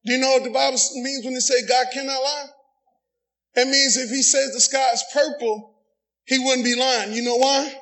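A middle-aged man preaching a sermon, often shouting and calling for amens from the congregation. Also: very high voice, flat delivery, normal speed, rough recording. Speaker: pastor.

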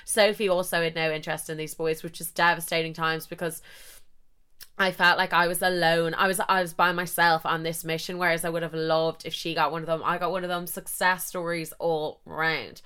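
Chatty young woman, bright and smooth. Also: lowish voice, a little fast. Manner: chatty, animated, swears casually. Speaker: podcast host. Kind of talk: casual storytelling chat.

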